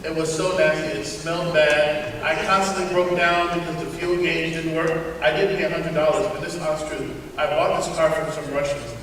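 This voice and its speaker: A man's voice: a little high, flat delivery, moderate pace, few pauses, fairly bright tone, slight background noise. Man preaching in an echoey church. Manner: storytelling, humorous asides to the congregation. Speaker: pastor. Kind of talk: sermon. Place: church sanctuary. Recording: echoey church hall from far off.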